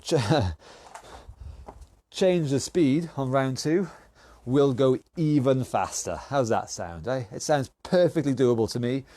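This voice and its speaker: Guy leading an online workout, talks slow, counts you in and does the moves with you. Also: mid-range voice, mellow, no room sound. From United Kingdom. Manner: counts down and cues exercises while working out himself. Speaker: fitness instructor. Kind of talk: live online workout class.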